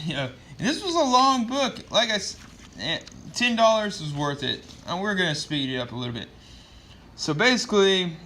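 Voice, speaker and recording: A man's voice: fairly high pitch, bright, forceful tone, a little hiss or hum. A man casually recapping a comic book, rambling with lots of fillers and swearing.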